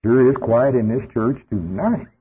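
A man's voice: medium pitch, unhurried, husky. A man preaching a sermon in a church, folksy and storytelling, with frequent rhetorical questions. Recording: dull lo-fi sermon tape.

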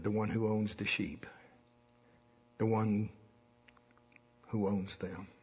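A man's voice: fairly low pitch, husky. A man preaching a sermon in a folksy storytelling way, having the congregation repeat lines after him. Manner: folksy storytelling with call-and-response.

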